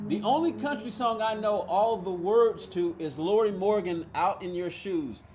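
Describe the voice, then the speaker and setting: Guy w a high voice chatting away while he streams a racing game, rambly, laughs a lot. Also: normal speed, darkish tone, faint music behind. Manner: rambling, chatty, reads chat aloud, laughs often. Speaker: gaming streamer. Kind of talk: casual live-stream chat while racing.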